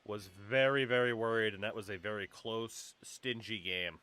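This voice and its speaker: A man streaming a baseball video game, chatting casually with wry, profane remarks and sudden loud cheers. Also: fairly low pitch, fairly even intonation, moderate pace, clean tone, faint music behind. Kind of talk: casual gaming chat.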